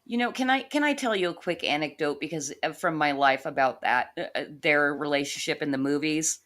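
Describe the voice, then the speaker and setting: Woman with a low voice telling animated stories. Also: brisk. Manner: animated anecdote-telling, acting out quoted voices. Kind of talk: casual livestream chat.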